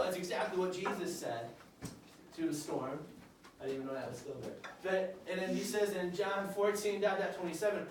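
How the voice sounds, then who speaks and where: A man teaching children a Bible lesson, acting out the characters with bursts of loud shouting. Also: high voice, fairly even intonation, fairly quick. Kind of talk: animated Bible story lesson for kids. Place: church classroom with children. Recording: echoey room, distant mic, noisy.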